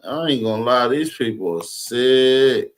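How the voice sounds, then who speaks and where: A man's voice: mid-range voice, lively intonation, a little slow. A man mocking clips in casual, profane reaction commentary.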